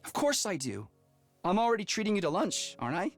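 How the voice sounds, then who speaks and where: An actress voicing an earnest, apologetic young character in a video game, pleading and flustered. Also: female voice, mid-range voice, big pitch swings, a little fast, dry recording. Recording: game audio with faint music.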